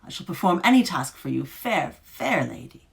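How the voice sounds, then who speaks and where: Storybook reading: woman playing an eager, courtly monster, gravelly and animated. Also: sits low, moderate pace, full character voice. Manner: overly polite, flowery. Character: courteous, ghoulish beast monster, eager and pompous.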